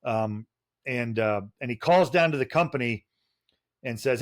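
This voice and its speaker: A man's voice: medium pitch, unhurried, long pauses. A middle-aged man, a retired Special Forces officer and podcast guest, telling rambling, profane anecdotes with frequent restarts. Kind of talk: casual podcast storytelling.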